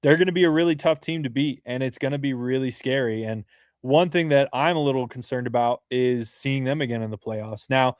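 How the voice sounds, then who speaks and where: A man in the middle of his range talks sports in a casual podcast chat, earnest and quick, with little room sound around him. He restarts phrases often as he builds his points. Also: mid-range voice, no room sound, clean studio sound. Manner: earnest, fast-flowing analysis with many restarts.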